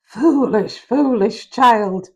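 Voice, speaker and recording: A woman voicing an old, feeble mother pig who speaks slowly and earnestly to her piglets in a storybook reading. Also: fairly high pitch, slightly rough, full character voice. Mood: tender, anxious. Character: old feeble mother sow, tender and worried.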